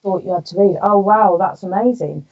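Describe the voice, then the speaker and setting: Chatty woman co-host, mellow voice, kinda far off and lo-fi. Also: medium pitch, normal speed. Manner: chatty, reads out viewer comments. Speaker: psychic co-host. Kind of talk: casual live chat.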